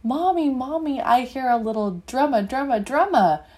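A woman voicing an excited little boy hamster in a storybook, eager and calling out repeatedly. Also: moderate pace. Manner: squeaky, eager, repeats calls.

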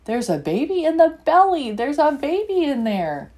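Woman doing a squeaky excited little boy hamster. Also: unhurried. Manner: squeaky, eager, repeats calls.

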